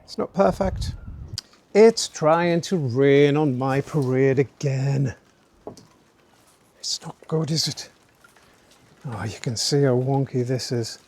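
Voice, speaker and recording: Speaking slowly with long pauses, a middle-aged man talks through a DIY build in an outdoor garden workspace in light rain. His voice is medium-pitched with a darkish tone, and a little hiss or hum is audible. As the channel's host he stays chatty and jokey, fond of tag questions like "eh?" and "don't you?".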